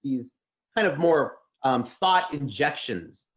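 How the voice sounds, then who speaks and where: A man's voice: mid-range voice, big pitch swings, slow pace. A man telling a long personal account as an interview guest, rambling with many fillers and restarts. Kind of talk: casual spoken account. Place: Santa Clara area. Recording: dull lo-fi audio.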